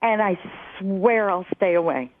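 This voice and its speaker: A sheepish, flustered woman in her forties phones in to a radio chat show, and her voice comes through a thin, tinny phone line. She talks in an ordinary middle register, hesitant and apologetic, then turns lively when she recounts events. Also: mid-range voice, a little slow, crowd noise. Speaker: caller.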